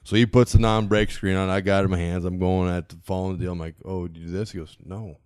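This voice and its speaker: A man's voice: deep voice, fast talker, clear, resonant tone, no room sound, studio quality. A man casually telling a funny story, acting out the people in it and laughing often. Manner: animated, acts out dialogue, laughs often. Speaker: guest.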